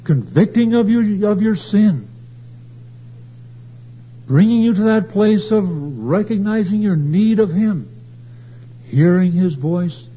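A man preaching a sermon at a church service, swelling louder and higher as he drives his points home. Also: lively intonation, slow, pauses often, breathy edge. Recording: dull lo-fi recording with faint hum.

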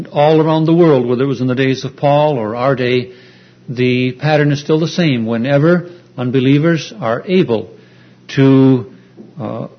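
A man preaching an earnest, explanatory sermon, pausing often with fillers as he retells a story. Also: mid-range voice. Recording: dull lo-fi recording.

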